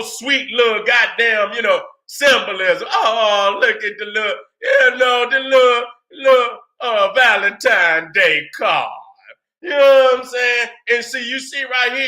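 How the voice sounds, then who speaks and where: His voice is very high-pitched and pushed bright, moving a little slowly with few pauses. Hosting his own channel, he gives an emphatic, profane lecture, repeatedly asking "you see what I'm saying" to make sure listeners are following.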